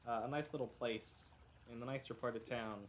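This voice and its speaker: A man's voice: mid-range voice, fairly even intonation, fairly quick, noisy background. Rambling male game master with a cough. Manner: rambling, self-correcting, joking. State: coughing, sounds unwell. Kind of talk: casual tabletop game recap.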